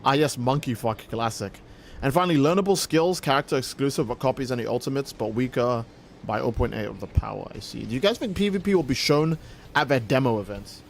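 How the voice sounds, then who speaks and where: A man's voice: mid-range voice, animated, brisk, vocal fry, slight background noise. A man livestreaming a game, chatting casually and playfully with his viewers in a rambling way. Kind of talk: casual livestream chat while gaming.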